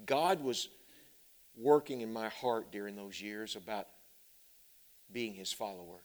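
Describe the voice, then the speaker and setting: A man preaching a sermon who drops to hushed, low passages and then climbs into loud, emphatic runs of repeated phrases. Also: a little slow. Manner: builds with repeated parallel phrases.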